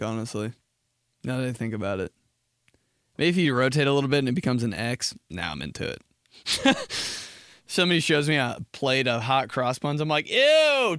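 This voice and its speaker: A man's voice: mid-range voice, a bit bright, clear, resonant tone, dry recording, clean studio sound. Profane young man riffing on a podcast. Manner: rambling, profane, acts out quick mock exchanges. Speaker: podcast host. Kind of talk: casual comedic monologue.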